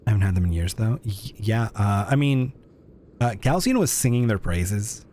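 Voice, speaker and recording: Young male streamer, low-ish voice with lively swings, casual joking gameplay chatter. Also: normal speed, a little hiss or hum. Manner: chatty, self-mocking asides to chat. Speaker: game streamer. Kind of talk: live gameplay commentary.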